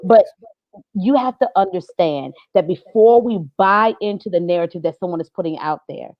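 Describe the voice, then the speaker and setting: Animated woman telling a story. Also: on the low side, normal speed, no room sound, highs cut off. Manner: animated storyteller, acts out quotes. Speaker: social media advisor, guest. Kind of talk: casual chat, storytelling.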